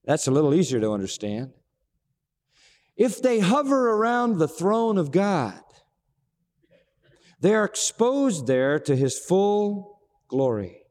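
A man preaching a sermon, expressive, asking rhetorical questions and acting out dialogue. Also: on the high side, takes it slowly, pauses often. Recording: long reverb of a large hall.

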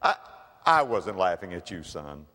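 A man preacher voicing a rueful father speaking gently and haltingly to his son, in an echoey hall. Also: low-pitched, very animated, pitched below the performer's own voice, heavily acted. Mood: gentle, rueful. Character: rueful father in Noah's time.

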